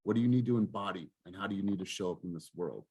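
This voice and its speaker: A man's voice: low voice, rapid-fire, a little mellow, slightly rough. A man leading a group coaching call, talking in a fired-up, emphatic way and swearing for emphasis. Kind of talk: motivational group coaching talk.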